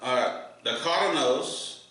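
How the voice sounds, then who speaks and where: Trash-talking podcast guy cussing thru his picks, bright voice, echoey room, mic kinda far. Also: mid-range voice, animated, measured pace. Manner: trash-talking, profane, laughing. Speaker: podcast host. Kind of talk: casual chat, sports predictions.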